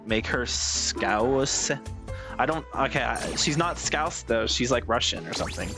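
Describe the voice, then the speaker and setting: A man's voice: mid-range voice, a little slow, over music. A man streaming a game, chatting casually in a rambling, wry way with lots of fillers. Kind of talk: casual gaming commentary.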